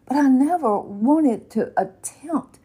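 A woman's voice: high voice, animated, slow pace, warm tone, breathy edge. A woman in her eighties teaching a Bible lesson in an earnest, folksy way, with exclamations and stern warnings. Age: 80s.

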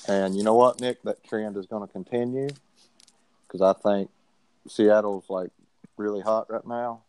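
A man's voice: on the low side, steady tone, unhurried, darkish tone, rough recording. A man giving bold, slangy football predictions in a casual sports chat. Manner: brash, slangy, confident predictions. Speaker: co-host picking games.

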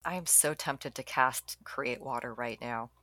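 A woman's voice: extremely low pitch, unhurried, a crowd in the background. A woman playing a tabletop game, chatty and playful. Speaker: player. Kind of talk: casual tabletop play.

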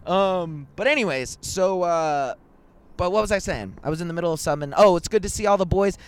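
A young man hosting a casual podcast over a video call, telling stories in an animated, slangy way and swearing a lot. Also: high-pitched, a little fast, clear, resonant tone. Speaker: podcast host. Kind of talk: casual chat.

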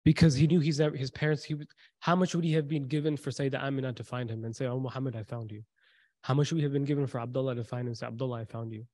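A man's voice: medium pitch, steady tone, rapid-fire, a little mellow, dry recording. A man giving a sermon, retelling a story with quoted dialogue and repeated lines for emphasis. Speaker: preacher.

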